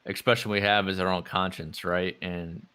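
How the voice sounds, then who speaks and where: A man guesting on a casual podcast speaks with emphasis. His voice is low and bright. His tone is smooth and resonant. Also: little pitch movement, moderate pace.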